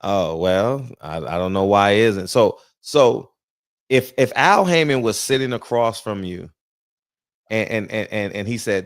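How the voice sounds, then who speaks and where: A male host in a casual interview chat, halting and often restarting his sentences. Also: lowish voice, animated, no echo, studio quality.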